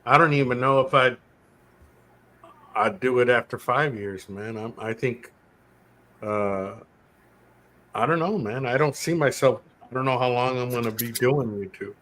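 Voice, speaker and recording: A laid-back male guest in a casual chat who hesitates and searches for his words. His voice has a bright, forward edge. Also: medium pitch, unhurried, long pauses. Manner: laid-back, hesitant, says "man" a lot.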